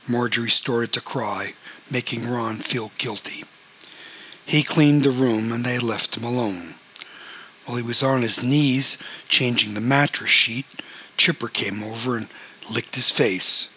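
A man narrating a novel in a steady, matter-of-fact storytelling manner. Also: mid-range voice, measured pace, husky, poor audio. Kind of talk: audiobook fiction reading.

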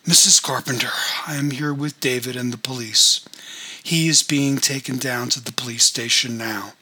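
A man reading the lines of a calm, businesslike male school administrator who takes charge. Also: medium pitch, normal speed, husky.

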